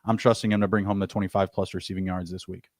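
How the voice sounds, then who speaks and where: A man co-hosting a sports betting show, laying out player props and teasing his co-host in quick banter. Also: low voice, level tone, no room sound, clean studio sound. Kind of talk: casual sports betting chat.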